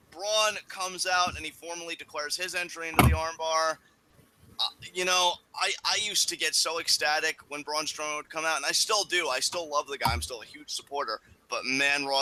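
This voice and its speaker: A young man co-hosting a casual wrestling review show, emphatic and given to swearing and animated outbursts. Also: a little high, rough recording. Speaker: podcast co-host.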